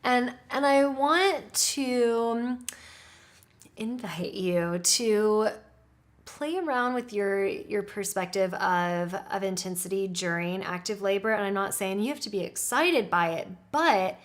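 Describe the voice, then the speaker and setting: A woman at a middle pitch gives casual childbirth advice. She is reassuring and encouraging, and she leans on "like" as she talks. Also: slow. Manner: encouraging, reassuring, says "like" a lot. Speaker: childbirth educator.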